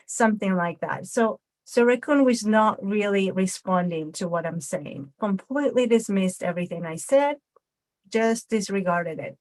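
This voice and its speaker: A woman instructor talks through a puppet demonstration, stepping through each point and checking in with a steady run of tag questions. Her voice sits at a middle pitch. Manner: frequent tag questions, explains step by step.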